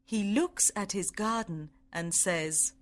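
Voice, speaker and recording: A woman reading a simple story aloud with careful, clear delivery for English learners. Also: medium pitch, slow.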